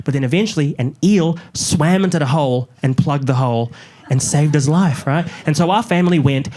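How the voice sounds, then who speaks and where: A young man from New Zealand doing a stand-up comedy set in front of a live audience, telling stories with lively delivery and little put-on voices. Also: mid-range voice, quick pace. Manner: animated storytelling, mocks up little voices.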